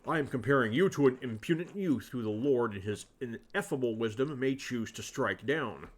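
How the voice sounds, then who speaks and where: A man voicing a prim, pious monk who lectures and scolds in a lowered solemn voice. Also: animated, normal speed, slight background noise, close to an everyday voice. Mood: warning.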